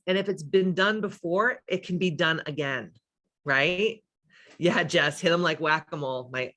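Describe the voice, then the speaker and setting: A woman's voice: sits low, fairly bright tone. A woman hosting a casual livestream who talks in an emphatic, candid way, swears freely and reads out viewers' comments. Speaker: livestream host and spiritual coach.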